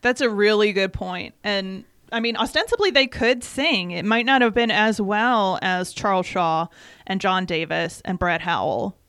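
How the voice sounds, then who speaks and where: A woman's voice: medium pitch, a little slow, fairly bright tone, clean tone, no echo, clean studio sound. A woman from Michigan co-hosting a casual chat, explaining things at length. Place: North Carolina.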